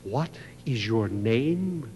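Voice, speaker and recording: A man voicing a stern ancient warrior king who barks commands in a booming, rising voice. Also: animated, very slow, warm tone. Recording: reverberant hall with faint mains hum.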